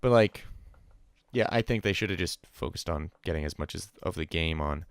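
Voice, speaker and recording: With a smooth, resonant low voice, this young male podcast host chats loosely about esports on a call with a remote co-host, slipping into quick mimicking voices. The sound is dry and close, without room echo.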